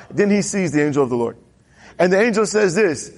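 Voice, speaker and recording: A man preaching a sermon as pastor, telling a Bible story with animated character voices and questioning the congregation. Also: brisk, slightly rough. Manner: animated storytelling, voicing characters with pitch jumps.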